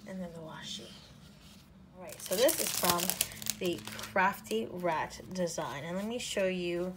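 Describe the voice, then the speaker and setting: Gushing woman with a low voice. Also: slight background noise. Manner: gushing, drifts into soft half-whispers. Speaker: planner sticker shop owner and vlogger. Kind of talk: casual haul show-and-tell.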